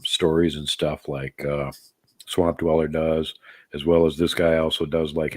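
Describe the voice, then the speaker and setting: A man's voice: extremely low pitch, dry recording. A man hosting a live show in casual chat, rambling and joking as he answers viewers' comments by name. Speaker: podcast host.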